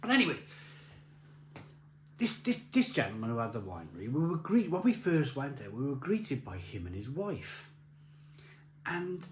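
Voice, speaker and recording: A man's voice: on the high side, a little mellow, a little hiss or hum. A man telling a rambling, laughing anecdote as a beer vlogger, with many restarts. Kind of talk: casual anecdote. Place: beer festival. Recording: roomy echo with faint ambience.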